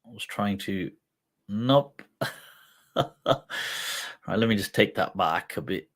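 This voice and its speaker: A male host telling a humorous historical anecdote in a relaxed, chatty way, often laughing as he goes. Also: lowish voice. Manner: laughing while retelling a humorous anecdote, quoting poetry; slow, unhurried delivery. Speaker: host and religious teacher. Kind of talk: casual storytelling talk.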